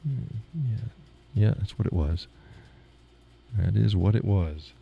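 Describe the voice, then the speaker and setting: On a lo-fi recording, a middle-aged man with a lowish, gravelly, slightly rough voice speaks slowly but expressively as he hosts a live stream. He laughs often at viewers' comments and makes self-deprecating jokes. A lingering cough has him clearing his throat.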